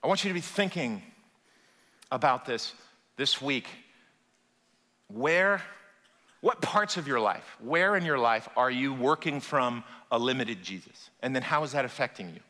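A man preaching as a pastor, telling a personal story in a lively, conversational way and addressing the congregation directly. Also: medium pitch, unhurried, pauses often. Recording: long hall reverb.

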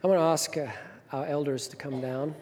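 A man preaching a sermon as pastor, telling a story with emphatic rises and soft drops. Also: a little high, steady tone, brisk. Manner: storytelling, rising to emphatic peaks then dropping soft. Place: church sanctuary. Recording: reverberant hall.

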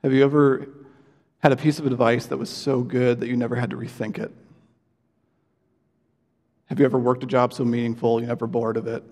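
A man's voice: medium pitch, flat delivery, fairly quick, pauses often, a little mellow. A man preaching a sermon in an earnest, conversational way, with many fillers and restarts. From United States. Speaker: pastor. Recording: long hall reverb.

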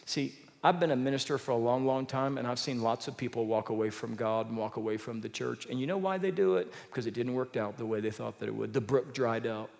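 A male minister preaching a sermon in an animated, conversational way, full of rhetorical questions. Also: mid-range voice, quick pace, gravelly, few pauses, in a large hall.

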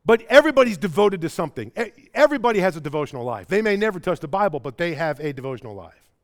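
A man with a Chicago-area accent preaching a sermon, swinging between loud emphatic bursts and quiet low passages, often repeating words as he presses a point. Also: rapid-fire. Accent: Chicago-area American. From American Midwest. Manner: stumbles and repeats words when excited. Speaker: pastor.

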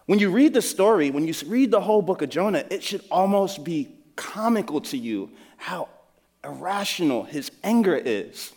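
A man's voice: high voice, lively intonation, moderate pace, darkish tone. A male pastor preaching a sermon in an earnest, conversational storytelling manner. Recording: long hall reverb.

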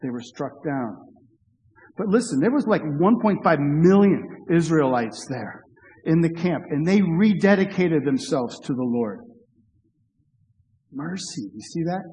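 Pastor, male, high voice, earnest sermon with jokes, church hall reverb. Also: animated, a little slow, dark tone. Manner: earnest, with humorous asides and restarts.

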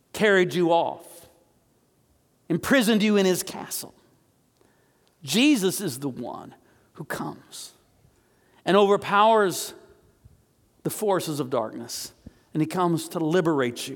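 A man's voice: high-pitched, lively intonation, slow pace, pauses often. A man preaching as a pastor, praying fervently in repeated phrases and leading a congregation in recited liturgy. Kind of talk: sermon and congregational prayer. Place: church sanctuary. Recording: long hall reverb, faint music.

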